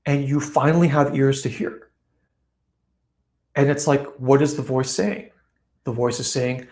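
A man hosting an online live session, reflecting on a folk tale in a relaxed way, with many fillers and the odd laugh. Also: mid-range voice, measured pace, long pauses. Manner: relaxed, frequent fillers, acts out quoted voices with laughs. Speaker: host.

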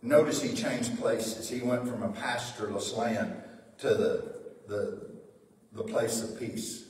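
A man preaching an animated sermon in a church, reading scripture aloud and explaining it. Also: lowish voice, takes it slowly. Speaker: pastor. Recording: echoey church hall, mic far off.

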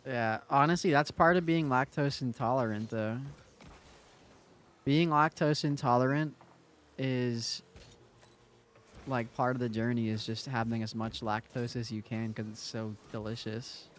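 A man's voice: mid-range voice, fairly even intonation, a little slow, a little hiss or hum. A young man streaming a game who chats casually with viewers, teasing and joking between plays. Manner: joking, teasing, chatty asides to chat while playing.

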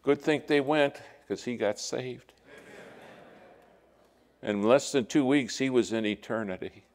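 A man preaching a sermon in a church, telling stories and acting out the quotes with lively shifts of voice. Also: mid-range voice, a little slow. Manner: storytelling with lively acted-out quotes. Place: church sanctuary. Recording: long hall reverb.

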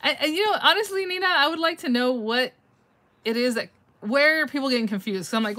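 A woman's voice: high-pitched, fast talker, sharp tone. A middle-aged woman hosting a casual live craft-mail reveal on her phone, chatty and gushing, thinking aloud and laughing often as she answers viewer comments.

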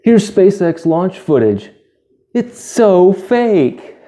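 A man playing a dismissive hoax-video guy, smug and raised in pitch, comic skit. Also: sing-song, extremely slow, dark tone, full character voice. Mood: smug mocking. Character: adult male online hoax video maker, dismissive.

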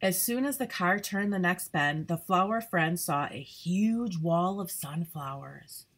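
A woman's voice: on the low side, expressive, measured pace, fairly bright tone. A woman reading a children's storybook aloud carefully to young listeners. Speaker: troop leader reading aloud.

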